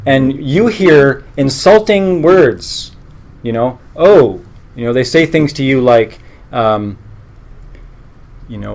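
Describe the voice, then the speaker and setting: A man's voice: mid-range voice, animated, slow, pauses often, a little mellow. A man teaching a live meditation class in an earnest, conversational way, breaking off and restarting his sentences and adding joking asides. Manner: conversational, earnest, self-interrupting.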